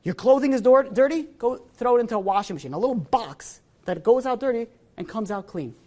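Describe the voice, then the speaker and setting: Here is a rabbi speaking to his congregation in a synagogue. His tone is loose and conversational, and he keeps his story moving with lively energy. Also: extremely high pitch, brisk. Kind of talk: Torah class in a synagogue.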